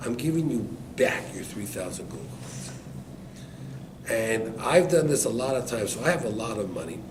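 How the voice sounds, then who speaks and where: A man voicing a frightened jail guard who speaks in a quiet, confiding way, recorded far off in an echoey, noisy room. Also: medium pitch, expressive, normal speed, natural voice. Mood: worried. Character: frightened male jail guard pleading for trust. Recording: echoey room, distant mic, background noise.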